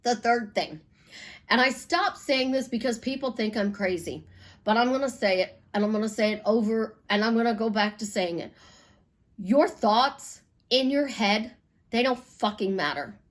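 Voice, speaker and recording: A woman from Chicago, a life coach, telling stories bluntly in an animated, casual monologue with some swearing. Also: fairly high pitch, moderate pace.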